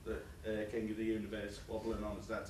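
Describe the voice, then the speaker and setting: A man's voice: lowish voice, monotone, fast, a little mellow, slight background noise. A male stand-up comedian, telling a crude, rambling comic story with chatty asides to a live audience. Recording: echoey live room, distant mic.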